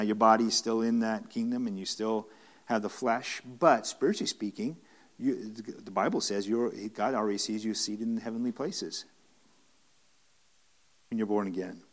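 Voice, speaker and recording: A man's voice: on the low side, moderate pace. Earnest man teaching a Bible study. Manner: earnest, emphatic, with frequent restarts and repetitions. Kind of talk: conversational Bible-study sermon. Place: church room with listeners.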